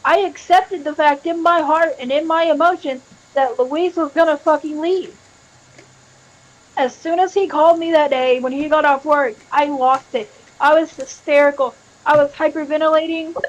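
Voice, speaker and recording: A woman's voice: high voice, steady tone, normal speed, dull audio. A woman talking candidly and emotionally on a live stream, swearing often as she tells her story. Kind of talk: confessional live-stream chat.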